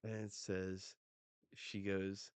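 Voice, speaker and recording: A man hosting a live manga reading reaction, casual and animated, swearing freely as he gets excited. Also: low voice, extremely slow, clear, resonant tone, no echo.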